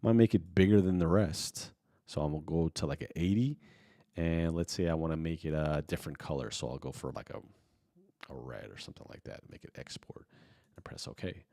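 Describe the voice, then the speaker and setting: A man giving a casual software tutorial, thinking aloud and filling pauses with ums and you knows. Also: extremely low pitch, dry recording. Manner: relaxed, thinking aloud with many fillers. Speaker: video editing tutor. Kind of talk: casual screen-recorded tutorial.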